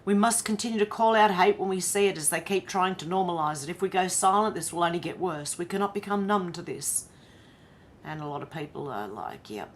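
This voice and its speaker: Exasperated Australian woman, slightly low voice. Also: a little fast, a little hiss or hum. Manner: exasperated, incredulous, breaks into laughter. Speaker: livestream host. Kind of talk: reading news aloud with commentary. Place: at home.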